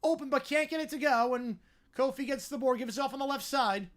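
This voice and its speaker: High-voiced fast-talking stream commentator. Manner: rises louder and higher on big plays. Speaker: livestream host. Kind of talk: live play-by-play commentary while answering chat.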